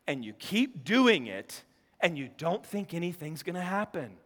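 A man in his thirties preaching a sermon, telling stories with quick laughing asides and restarts. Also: on the high side, big-room sound. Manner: animated storytelling, self-interrupting, laughing asides. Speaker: pastor.

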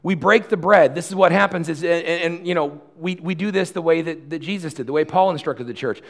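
A man's voice: fairly high pitch, brisk, vocal fry, a bit bright. A male pastor preaching a sermon about communion, earnest and conversational, often restarting his phrases.

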